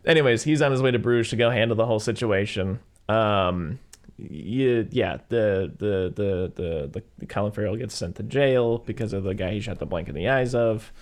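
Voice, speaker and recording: A man casually recapping a film plot, rambling and acting out lines in high silly voices. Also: moderate pace. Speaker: podcast co-host.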